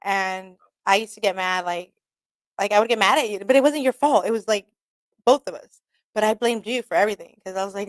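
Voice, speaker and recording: A woman's voice: mid-range voice, brisk, dry recording. A woman hosting a radio talk show, chatting candidly with lots of swearing and laughter. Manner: candid, swearing, laughs often, quotes herself in skits. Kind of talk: casual chat.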